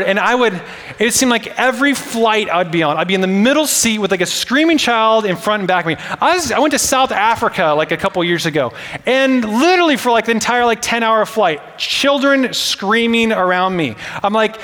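A man's voice: high voice, lively intonation, normal speed, fairly bright tone, slight background noise. A man in his thirties preaching a casual, joking sermon as pastor, full of fillers like "like" and "right?". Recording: hall reverb.

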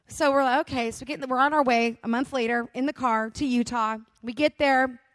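A young adult woman pastor telling a story in a sermon, animated and self-mocking, acting out the voices of the people in it. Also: high-pitched, fast talker, hardly any pauses, dry recording. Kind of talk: storytelling sermon to a live crowd. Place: gymnasium.

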